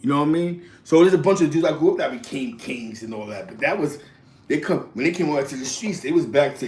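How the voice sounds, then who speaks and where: A man's voice: fairly high pitch, lively intonation, fast talker, darkish tone. Echoey, slangy New York man telling stories. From New York, East Harlem. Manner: rambling, slangy, punctuated with "you know what I'm saying" and laughs. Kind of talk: casual storytelling.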